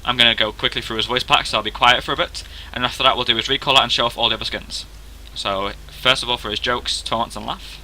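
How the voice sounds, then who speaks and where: A young man chats casually over gameplay, rambling and joking about his own slip-ups. His voice is bright and clear, at an everyday pitch, with faint noise underneath. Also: fairly even intonation, quick pace, hardly any pauses, rough recording. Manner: chatty, self-deprecating, rambling. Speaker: gaming video host.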